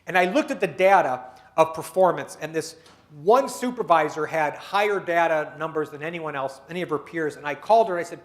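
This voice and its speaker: A man's voice: a little high, animated, a little fast. A man giving a storytelling business talk at a dinner meeting, acting out the dialogue of the people in his stories. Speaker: keynote speaker.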